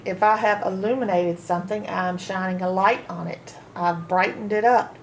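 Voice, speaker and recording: A woman teaching a phonics lesson to children, sounding out each word slowly, syllable by syllable. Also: mid-range voice, fairly even intonation, a little hiss or hum. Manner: slow, sounding out syllables one by one. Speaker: reading teacher.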